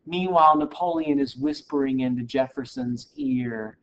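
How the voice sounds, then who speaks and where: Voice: medium pitch, animated, a little slow. Wry, casual history lecturer, muffled sound. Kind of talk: recorded classroom lecture. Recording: dull lo-fi recording.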